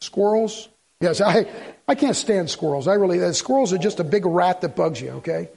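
A man's voice: sits high, moderate pace, creaky, darkish tone. A man preaching a sermon to a congregation in a folksy, rambling way with joking asides. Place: church in front of a congregation.

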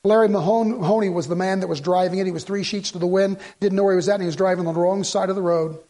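A middle-aged pastor preaching a sermon in a church sanctuary. His voice sits fairly high for a man. He tells the story as he goes, slips into the voices of its characters, and often repeats or restarts his words. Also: steady tone, rapid-fire, dark tone.

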